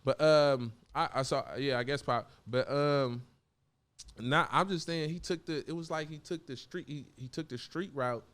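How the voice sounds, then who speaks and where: A man's voice: on the high side, normal speed. A young adult man from Oakland, a rapper guest, talking loosely in slang and acting out quotes from others. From Oakland, California. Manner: loose, animated storytelling with slang and acted quotes. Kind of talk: casual interview talk.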